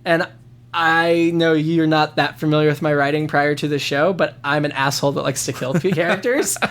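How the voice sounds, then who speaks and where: A man's voice: on the high side, fairly even intonation, normal speed, a bit bright. Affable male podcast host. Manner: agreeable, frequent affirming murmurs. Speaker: host and show creator. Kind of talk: casual podcast interview.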